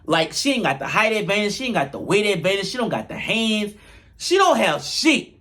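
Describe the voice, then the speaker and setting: Sassy high-voiced man recapping reality drama. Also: lively intonation, fast talker, bright, forceful tone. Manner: sassy, profane, jumps into mocking quoted voices. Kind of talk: animated comedic recap.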